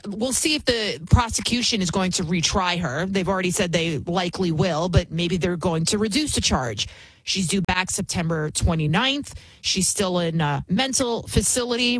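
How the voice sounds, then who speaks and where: Husky-voiced indignant woman host. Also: medium pitch, no room sound, low-quality recording. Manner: emphatic, indignant, repeats for stress. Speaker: show host. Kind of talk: opinionated commentary.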